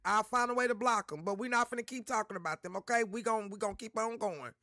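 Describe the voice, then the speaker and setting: Man, high bright voice, livestream host chatting to viewers. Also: quick pace, no echo, studio quality. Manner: addresses chat directly, repeats himself. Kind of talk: livestream chat talk.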